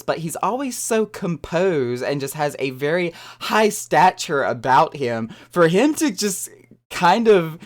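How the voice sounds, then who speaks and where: This is an animated, easily amused game streamer in casual conversation with live viewers. Their medium-pitched speech trails off and repeats words as they grope for them, and they laugh frequently.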